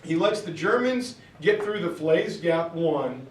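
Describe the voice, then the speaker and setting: A man lecturing on history as an animated storyteller who acts out the quotes. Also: on the high side, measured pace. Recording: roomy sound from far off.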